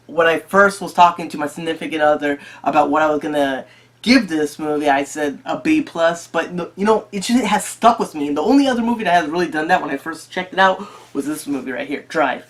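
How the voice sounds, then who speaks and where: An eager movie reviewer chatting straight to the audience in a casual vlog. The delivery is excitable, with frequent restarts and doubled words. Pitch sits in a middle range. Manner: excitable, repeats and restarts phrases.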